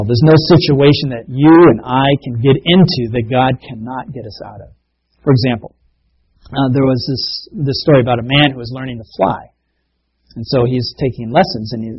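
A man's voice: medium pitch, breathy edge, lo-fi sound. A man preaching a sermon in a conversational way, telling stories and laughing now and then. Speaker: pastor.

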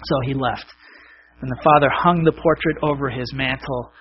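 A man's voice: mid-range voice, normal speed, lo-fi sound. A man preaching a sermon, telling a story and acting out its voices before drawing the lesson. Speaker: pastor.

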